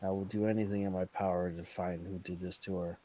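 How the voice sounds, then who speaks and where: A man voicing a male silver dragon, speaking in an earnest, halting way. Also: low-pitched, little pitch movement, mellow, slight background noise, natural voice. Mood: grieving.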